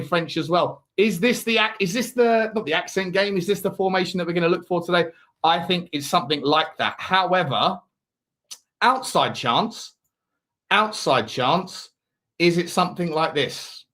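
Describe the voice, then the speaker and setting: Man, watch-along host, fairly high voice, rambling chat. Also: normal speed, a bit bright. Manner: rambling, reads out viewer messages.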